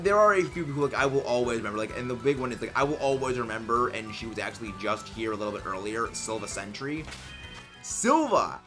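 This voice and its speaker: A young man hosting a livestream, chatting casually and reading chat messages in an excitable, rambling way. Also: mid-range voice. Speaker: livestream host.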